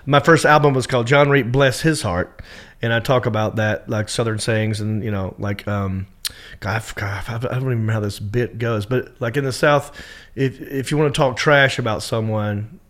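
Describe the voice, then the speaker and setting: A man from the American South chatting backstage after a comedy show. He talks in a loose, animated way, laughs often and acts out the shouts of a crowd. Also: mid-range voice, normal speed. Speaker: headlining comedian. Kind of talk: casual backstage chat.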